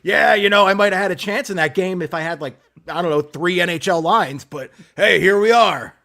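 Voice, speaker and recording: A man doing a comic impression of a gruff, grumbling veteran hockey coach. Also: high-pitched, fairly quick, bright, forceful tone, exaggerated voice. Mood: gruff resigned.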